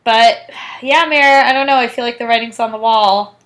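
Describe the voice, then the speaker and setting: A woman's voice: a little high, steady tone, normal speed, a bit bright, rough recording. A young woman co-hosting a podcast, chatting casually and giggling as she recaps an episode. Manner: giggly, lots of fillers and laughs. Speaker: podcast co-host.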